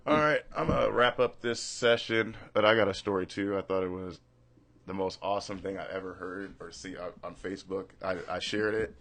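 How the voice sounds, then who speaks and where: A man's voice: low voice, a little fast, fairly bright tone. A man hosting a casual radio talk show, telling a story in a laid-back way.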